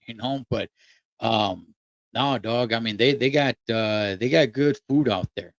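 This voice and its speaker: A man's voice: mid-range voice, measured pace, fairly bright tone, no room sound. Laid-back trucker man. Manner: laid-back and slangy, with lots of fillers. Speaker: trucker vlogger. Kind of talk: casual monologue.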